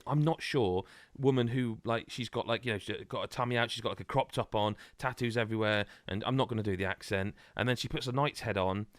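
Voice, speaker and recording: A man co-hosting a podcast in casual chat, rambling and animated with many restarts. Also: on the low side, fast, hardly any pauses, dry recording, clean studio sound. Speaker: podcast co-host.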